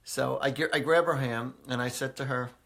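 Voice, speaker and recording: A man's voice: mid-range voice, fairly even intonation, moderate pace, gravelly, fairly bright tone. A man hosting a live stream as a psychic, telling stories in a chatty way with many fillers, often laughing. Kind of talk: casual live-stream storytelling. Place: indoors, live video stream.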